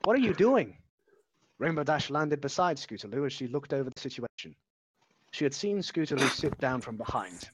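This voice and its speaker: Husky man reading a story aloud. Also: mid-range voice, no room sound. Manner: stumbles and restarts words, reads unevenly. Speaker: amateur reader. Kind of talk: casual reading aloud of a story among friends.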